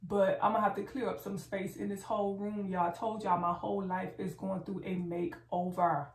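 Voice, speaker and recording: A woman's voice: mid-range voice, level tone, normal speed. A woman vlogger chatting casually and playfully to her viewers while doing her makeup, calling them y'all, filmed by a camera set far back in a room at home. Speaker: beauty vlogger. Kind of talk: casual get-ready-with-me chat. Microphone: far camera mic. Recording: roomy, distant, faint background noise.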